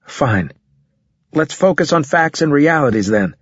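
A man's voice: on the high side, lively intonation, a little slow, husky, no echo, pitched above the performer's own voice. A man voicing a stubborn young soldier, speaking firmly and insistently in a raised voice. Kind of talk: audiobook character reading. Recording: dull, muffled audio.

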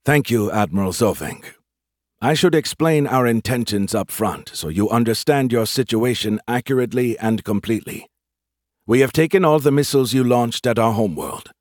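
A man voicing a calm, confident human general in an audiobook, courteous with a dry, taunting edge. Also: medium pitch, moderate pace, no room sound, lightly acted. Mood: courteous, firm. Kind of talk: audiobook character voice.

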